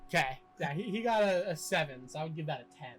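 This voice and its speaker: A man's voice: a little high, expressive, background noise. Casual young male game master. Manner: casual, halting narration with many fillers. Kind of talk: narrating a tabletop game.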